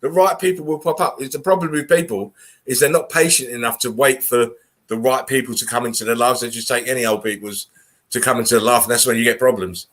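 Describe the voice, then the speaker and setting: A man's voice: medium pitch, steady tone, fast talker, a bit bright. A man hosting a casual video call chat, rambling earnestly and swearing freely.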